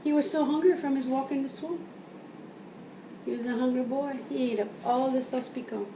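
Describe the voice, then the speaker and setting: A woman reading a picture book aloud to children, pausing to point at pictures and explain words. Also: high-pitched, steady tone. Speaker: storyteller. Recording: roomy, from a distance, faint background noise.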